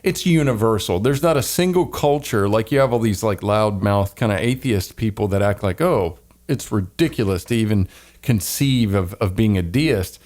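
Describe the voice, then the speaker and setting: A man's voice: lowish voice, moderate pace, darkish tone. A middle-aged man from the American South with a light Southern accent, co-hosting a casual faith podcast in a rambling, joking way. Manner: rambling, self-interrupting, joking. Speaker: podcast co-host.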